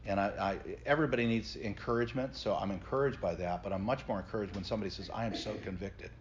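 Earnest low-voiced pastor teaching scripture. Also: male voice, racing, slight background noise. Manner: earnest, explanatory, takes questions from the group. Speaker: pastor leading a Bible study. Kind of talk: teaching Bible study. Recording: slightly dull lo-fi recording.

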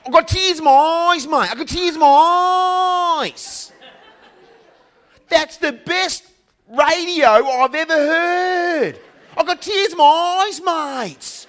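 A man voicing an overjoyed male trucker caller who shouts and repeats himself, choked up. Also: extremely high pitch, slow, pitched above the performer's own voice, heavily acted. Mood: overwhelmed.

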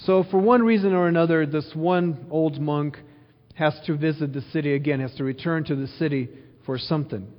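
A pastor delivers an earnest sermon a little fast, his voice slightly higher than usual as he repeats phrases and puts questions to listeners. A long hall reverb surrounds him, and the recording sounds a little dull.

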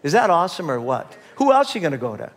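A man preaching in a church, his voice sitting a little higher than most men's. He talks loosely and conversationally, stumbling over restarts and asking the room for an amen. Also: big pitch swings, rapid-fire. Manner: conversational preaching with many restarts, calls to the congregation. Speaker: pastor. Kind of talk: sermon.

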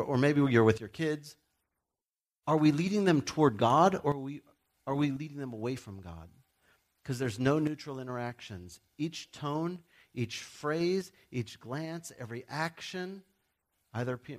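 A man's voice: mid-range voice, lively intonation, measured pace. A middle-aged man preaching a sermon as a pastor, speaking directly and emphatically to his listeners, with joking asides.

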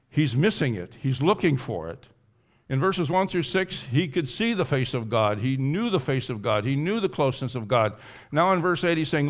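A man preaching a sermon, going from loud and high to quiet and low, and acting out pleading in the first person. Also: animated, normal speed. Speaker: pastor.

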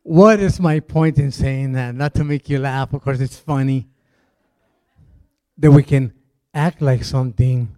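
Mellow-voiced pastor preaching casually. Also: male voice, mid-range voice, a little slow, long pauses, no echo. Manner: casual, rambling asides with fillers. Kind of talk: conversational sermon.

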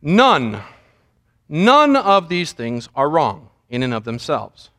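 A man's voice: a little high, wildly swooping pitch, slow, bright, forceful tone. A man preaching a sermon as pastor, joking and mimicking how people pray.

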